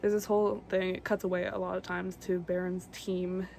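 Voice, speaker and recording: A young woman rambles through a film recap in an easygoing, chatty way, piling up fillers and side comments. Her mellow, darker voice carries a gravelly fry at the ends of phrases, with a faint hum of noise behind her. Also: fairly low pitch, flat delivery, moderate pace. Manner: chatty, full of fillers and asides. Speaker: vlogger recapping films.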